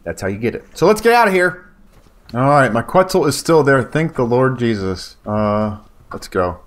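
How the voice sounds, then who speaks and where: A man giving casual, excitable commentary on his gameplay, talking to viewers and yelping when danger shows up. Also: medium pitch, normal speed. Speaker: gaming YouTuber.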